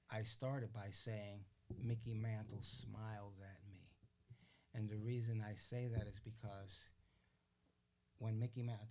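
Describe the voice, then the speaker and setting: An older man, a guest on a podcast, telling stories in a casual, animated way. He acts out the voices of the people he quotes and keeps asking "you know what I'm saying?". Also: on the low side. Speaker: interview guest. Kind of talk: casual storytelling.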